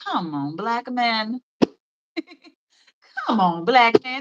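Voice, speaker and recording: A woman's voice: a little high, very animated, drawn-out words, long pauses, bright, forceful tone, rough recording. A woman in her thirties with a Memphis accent, hosting a livestream in rambling, chatty talk full of fillers and laughs. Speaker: livestream host. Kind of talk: casual chat.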